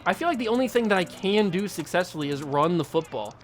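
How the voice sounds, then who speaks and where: A young adult host talks through a football video game in a running, exasperated commentary, venting as the plays go wrong. The voice sits at an ordinary middle pitch. Faint game music plays underneath. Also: animated, quick pace. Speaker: channel host.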